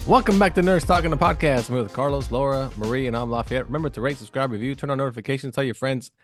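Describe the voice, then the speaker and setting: A man's voice: medium pitch, fast, fairly bright tone, faint music behind. A man hosting a podcast in casual chat, joking and rambling loosely. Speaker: podcast host.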